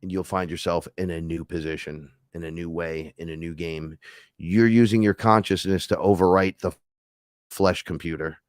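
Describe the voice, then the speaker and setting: A man's voice: deep voice, fairly even intonation, moderate pace, smooth, dry recording, clean studio sound. A man hosting a live stream, telling a rambling, profane story in casual chat. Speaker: host.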